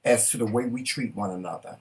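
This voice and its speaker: Animated, swearing male talk show co-host. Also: mid-range voice, quick pace. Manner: animated, swearing, laughing hype. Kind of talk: casual talk show chat.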